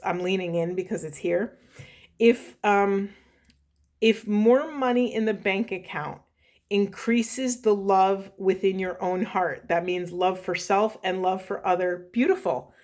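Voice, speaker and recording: A woman's voice: mid-range voice, darkish tone. Woman tarot reader losing her voice. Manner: earnest, rambling, apologetic self-corrections; slow emphatic repetition of key phrases. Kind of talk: spiritual tarot reading monologue.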